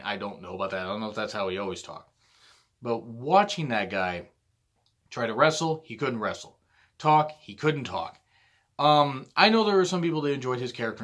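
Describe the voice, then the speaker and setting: A man's voice: lowish voice, bright, forceful tone. A man hosting his own vlog, delivering a blunt, profane ranting monologue. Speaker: vlog host.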